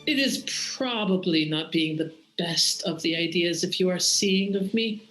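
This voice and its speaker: A mysterious, sourceless presence speaks in odd, ungrammatical phrases, gently amused, as a game master voices it. The sound carries a roomy echo, with faint music underneath. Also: mid-range voice, unhurried, lightly acted. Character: sourceless warm presence, playful, odd broken speech.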